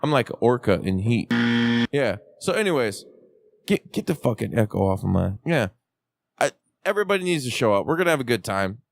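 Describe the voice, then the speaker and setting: A man hosting a wrestling podcast, joking around with loud, profane hype. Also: medium pitch, big pitch swings, brisk, creaky, no echo. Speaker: podcast host. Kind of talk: rowdy casual chat.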